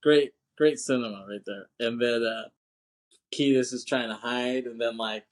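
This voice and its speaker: A man's voice: mid-range voice, fairly even intonation, normal speed. A man co-hosting a podcast, casually retelling a film scene with swearing, laughter and acted-out lines. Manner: rambling, profane, laughing often, acts out film lines. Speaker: podcast co-host.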